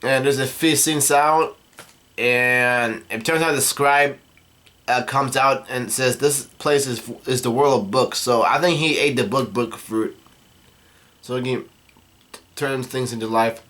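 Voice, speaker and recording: Halting man recapping a comic. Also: medium pitch, pushed and bright. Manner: halting, many fillers and restarts. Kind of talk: casual comic-chapter recap.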